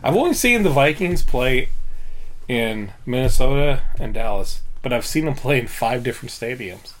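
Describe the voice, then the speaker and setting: A man's voice: medium pitch, lively intonation, normal speed. A man in casual chat, eagerly listing places he has been.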